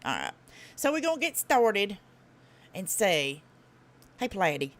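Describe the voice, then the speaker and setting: Southern woman host with a Tennessee accent; blunt and profane, quick, animated delivery. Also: medium pitch. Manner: blunt, profane, folksy drawl; fast talker. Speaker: livestream host. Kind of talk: casual live-stream commentary.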